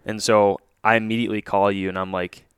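A man's voice: lowish voice, little pitch movement, brisk, a bit bright, smooth, no room sound, studio quality. A man co-hosting a hunting podcast, telling a hunting story in casual chat with lots of restarts and quoted dialogue. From Michigan.

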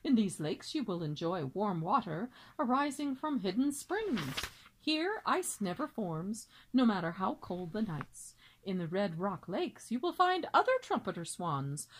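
A proud, long-winded father swan, as a woman reads him aloud from a children's book. He lectures his young in a grand, lively voice that swoops up and down, keeping to a middle pitch. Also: measured pace, slight background noise, low-quality recording. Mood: explaining.

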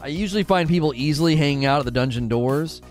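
A man's voice: on the high side, fast, faint music behind. A man streaming a game, chatting casually with viewers, reading their messages aloud and often restarting his sentences. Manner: animated, restarts often, reads chat aloud. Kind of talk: casual live-stream chat while gaming.

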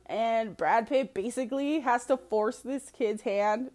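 A woman's voice: fairly high pitch, unhurried, darkish tone. A woman giving a casual opinion monologue, emphatic and profane, laughing often as she talks. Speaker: commentator.

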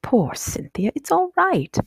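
A woman reading an audiobook, voicing a caring mother who speaks gently and protectively to her children. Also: sits low, animated, normal speed, slightly rough, dry recording, heavily acted.

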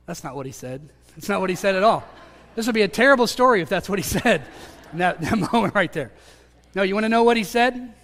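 A man preaching, telling an earnest personal testimony that swings between loud calls and hushed moments. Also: high voice, expressive, moderate pace, pauses often. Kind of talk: sermon testimony. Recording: long hall reverb.

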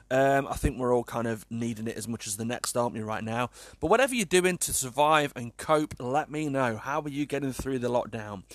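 A man's voice: mid-range voice, dry recording. A young man from the UK, chatting casually to camera in an exasperated, joking way with swearing. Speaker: vlogger.

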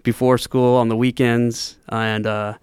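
A man speaking as a podcast guest, retelling his first deal in a steady, plain way. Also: mid-range voice, unhurried, clean tone, no echo, clean studio sound. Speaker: guest, real estate entrepreneur. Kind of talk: casual podcast interview.

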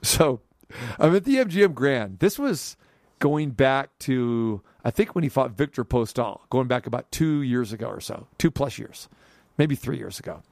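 A man hosting a sports talk radio show, telling a story in an animated monologue, his voice climbing sharply when he gets riled up. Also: mid-range voice, normal speed, gravelly, no echo, studio quality.

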